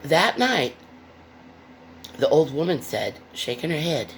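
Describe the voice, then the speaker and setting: A woman's voice: sits low, slow, gravelly, long pauses, slight background noise. A woman reading a picture book aloud with playful, chatty asides to young listeners. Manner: playful, expressive.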